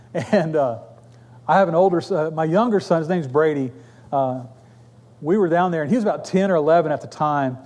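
A man's voice: sits high, darkish tone. A middle-aged man preaching a sermon in a church, acting out his family's dialogue with humor as he tells a story. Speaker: pastor. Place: church sanctuary.

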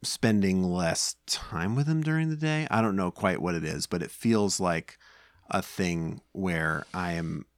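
With a deep voice and a measured pace, this podcast co-host in his thirties talks casually from home, rambling and peppering his speech with fillers and restarts. The sound is studio quality with no room sound.

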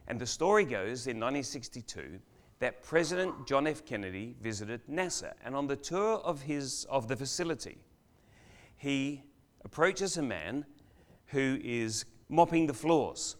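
Older guy preaching in church, tells a story with big pauses, goes loud then drops to a hush. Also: mid-range voice, lively intonation. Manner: storytelling with dramatic pauses, swings between loud and hushed. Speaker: guest preacher. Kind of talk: sermon.

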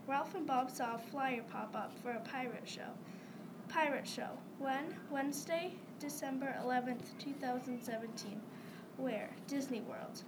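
Girl reader, high voice, steady pace, very noisy home recording. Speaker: story reader. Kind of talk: reading her own story aloud. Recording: loud background noise.

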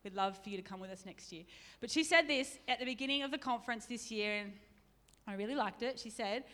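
A woman's voice: fairly high pitch, fast, pushed and bright. Chatty woman preaching. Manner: chatty, self-deprecating, laughs often. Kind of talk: sermon. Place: church. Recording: reverberant church hall.

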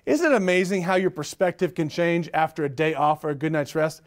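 High-voiced man preaching with energy. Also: brisk. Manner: energetic preaching with rhetorical questions and repetition. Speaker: pastor. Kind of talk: sermon.

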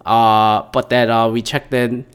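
A man's voice: medium pitch, level tone, measured pace, smooth. A man talking alone in a casual monologue, rambling off on tangents and swearing freely as he rants. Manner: rambling, profane, goes off on tangents.

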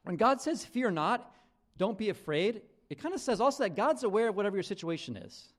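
A man's voice: sits high, big pitch swings, a little fast. A middle-aged man preaching a conversational sermon as pastor, with frequent restarts and "right?" asides.

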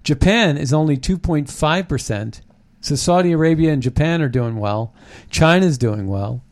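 A man hosting a political commentary show, excited and rambling, with frequent restarts. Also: fairly high pitch, normal speed. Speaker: show host.

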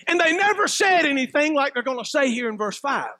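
Male pastor, sermon delivery, very high bright voice, dry close recording, folksy and emphatic. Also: sing-song, fairly quick, dry recording. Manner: folksy, preacherly, swings between loud emphatic bursts and low asides.

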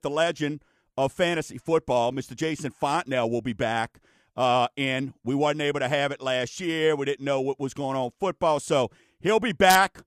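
A man hosts a casual radio talk show, spinning folksy stories in a chatty way. His voice sits fairly high for a man, and the recording is dry and close. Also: no room sound. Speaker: radio show host, mortgage lender.

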